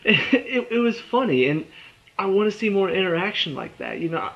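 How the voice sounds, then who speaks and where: A man's voice: sits high, very animated, normal speed, gravelly, a bit bright. Chatty young man, tired, on a dull lo-fi recording. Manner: rambling and chatty, with frequent fillers, restarts and little laughs. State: a bit tired. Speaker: movie trailer reviewer. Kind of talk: casual spoken review.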